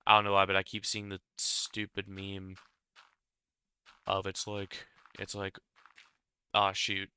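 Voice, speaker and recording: A young Minecraft building creator chats casually while he builds, rambling, putting himself down, and often chuckling at himself. His low voice is monotone and a little slow with long pauses, yet bright, forceful, clear, and resonant.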